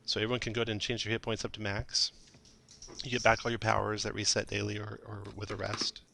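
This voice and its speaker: A man with a lowish, bright voice runs a tabletop game, narrating scenes and rules at an easy pace. He pauses for fillers now and then while explaining. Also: monotone, vocal fry, slight background noise. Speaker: dungeon master.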